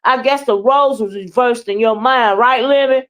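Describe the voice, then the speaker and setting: A woman doing livestream commentary, blunt, profane and animated as she trash-talks and chats with viewers. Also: on the high side, moderate pace. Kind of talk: live commentary and chat with viewers.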